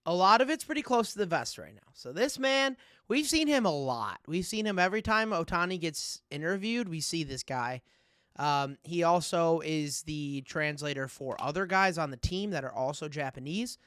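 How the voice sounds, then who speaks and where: Male podcast co-host, joking, laughs easily, animated pitch, dry close mic. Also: moderate pace, clean tone, dry recording. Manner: laughs often, lively and joking. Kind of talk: casual sports podcast banter.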